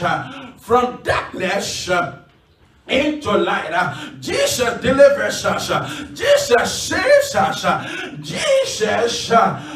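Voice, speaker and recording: A man preaching a sermon to a congregation, talking emphatically with many filler sounds and leading call-and-response. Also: sits high. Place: church. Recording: echoey room, from far off.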